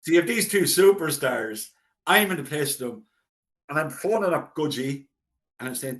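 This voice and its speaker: A man's voice: a little high, animated, moderate pace, fairly bright tone. Chatty Irish man telling stories. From Ireland. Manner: chatty anecdotal storyteller, acts out quoted voices. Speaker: guest, local historian. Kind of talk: casual storytelling interview.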